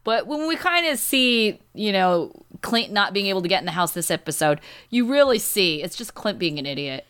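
A woman's voice: mid-range voice, animated, moderate pace, hardly any pauses, fairly bright tone, smooth. A woman co-hosting a casual podcast chat, emphatic and chatty, often saying "you know". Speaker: podcast co-host; teacher. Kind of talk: casual chat recapping a reality show.

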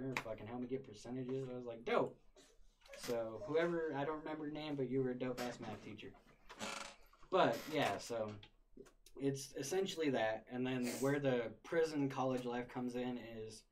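A young man, a podcast guest, telling stories in a relaxed, profane, casual way, often laughing. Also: medium pitch, a little hiss or hum. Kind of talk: casual storytelling chat.

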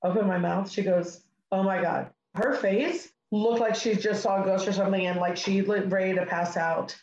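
Middle-aged woman, interview guest, lively storyteller who acts out the dialogue; roomy, echoey sound. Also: medium pitch, moderate pace, lo-fi sound. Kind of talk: personal storytelling. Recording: echoey room.

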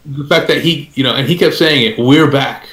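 A man's voice: medium pitch, brisk, pushed and bright, echoey room. A man co-hosting a casual podcast, rambling and filling gaps with "you know". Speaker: podcast co-host. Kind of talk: casual chat.

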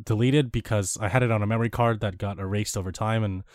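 A man's voice: fairly low pitch, steady tone, fast, a little mellow, no echo, studio quality. A young man on a podcast, chatting casually about games and rambling with restarts and fillers. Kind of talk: casual gaming chat.

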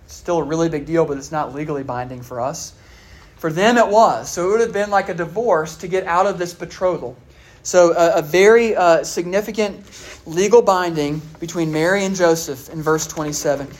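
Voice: mid-range voice, fairly quick. A preacher giving a sermon in a conversational way, asking the listeners questions and often saying "all right" and "uh". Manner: many fillers like "all right" and "uh".

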